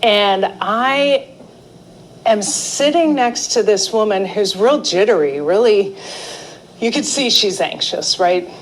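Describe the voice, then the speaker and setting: A middle-aged woman teaching a live art therapy class, telling a personal story in a chatty, animated way. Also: medium pitch, takes it slowly, slight background noise, poor audio. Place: indoor class or seminar room.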